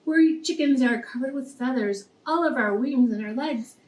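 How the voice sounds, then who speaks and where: A woman's voice: sits high, normal speed, a little mellow, close to an everyday voice. A woman reading the lines of busy egg-laying farm chickens from a storybook. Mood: cheerful. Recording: echoey room, distant mic.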